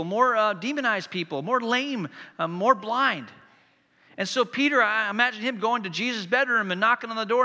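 Pastor, man, high and very forceful delivery, long church reverb; tells the story like he's there. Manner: vivid storytelling, addressing the congregation directly. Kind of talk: sermon.

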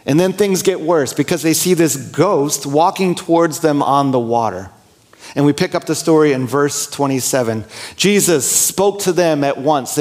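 A male pastor giving a sermon in a relaxed, conversational tone. His voice sits a little higher than most men's, and he slips into quick quoted prayers and inner asides as he speaks. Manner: conversational, candid, acts out inner dialogue and prayers.

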